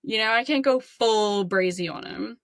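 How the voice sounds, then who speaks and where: A woman's voice: fairly high pitch, normal speed, dry recording. A woman hosting a sports podcast in casual, joking chat. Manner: chatty, joking, laughs often. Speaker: podcast host.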